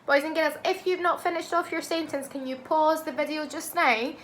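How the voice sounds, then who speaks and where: A woman teaching a phonics lesson to young children, speaking slowly and clearly and sounding out words in an encouraging way. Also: sits high, fairly even intonation, fairly bright tone. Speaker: primary school teacher.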